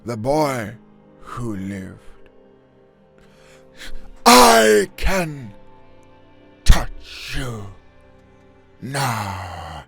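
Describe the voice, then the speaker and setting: A man voicing a cold, menacing male dark wizard who draws out his threats in a hissing hush. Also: medium pitch, sing-song, very slow, creaky, long pauses, breathy edge, soft background music, full character voice.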